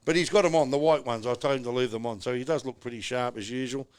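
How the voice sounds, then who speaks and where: A man's voice: medium pitch, quick pace. A middle-aged man with an Australian accent, hosting a casual podcast from a pub with jokey, rambling banter. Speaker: podcast host. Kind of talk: casual chat. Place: pub, indoors.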